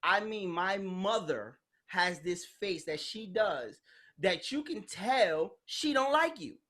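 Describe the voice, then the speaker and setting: In a laid-back podcast chat, a woman host with a mid-range, fairly bright voice talks slowly but animatedly. She's blunt, performs the voices in her quotes, and swears liberally.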